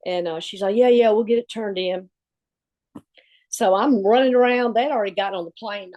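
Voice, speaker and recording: Lively woman telling a story. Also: mid-range voice. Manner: lively, acts out quoted voices. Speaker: former assistant coach. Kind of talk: storytelling anecdote.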